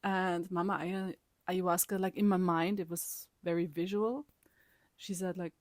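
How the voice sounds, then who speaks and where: Chatty woman with a low, dry voice. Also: unhurried, dry recording. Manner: rambling, animated, laughs often, drops to whispers. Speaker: vlogger. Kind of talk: casual personal storytelling.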